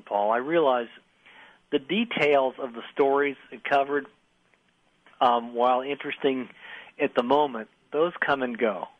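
A man's voice: mid-range voice, no room sound. An older man, an author, reminiscing as a guest in a radio interview, telling stories with many restarts. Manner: storytelling, many restarts, acts out voices in anecdotes. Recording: slightly dull radio audio.

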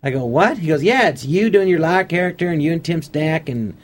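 A man's voice: fairly high pitch, lively intonation, a little fast. A middle-aged man telling show-business anecdotes in casual conversation, acting out the voices of people he quotes. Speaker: interview guest. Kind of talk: casual storytelling.

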